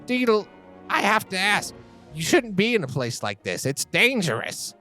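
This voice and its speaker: A man's voice: very animated, moderate pace, sharp tone, faint music behind, full character voice. A man doing a chatty old gnome grandpa. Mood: fussy. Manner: chatty, folksy, higher-pitched. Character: cheery elderly male gnome scholar, chatty.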